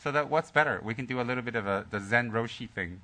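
A man who is a Buddhist teacher giving a Dharma teaching to his group, joking at first and then telling a story in a calm, soft way with many pauses and restarts. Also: medium pitch, background noise.

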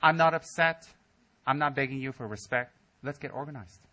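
A man's voice: moderate pace, slight background noise. A man giving a humorous Buddhist dharma talk to his students, telling stories and mimicking people in squealing voices. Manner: animated storytelling, mimics students in high squeals. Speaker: Buddhist teacher. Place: teaching center hall.

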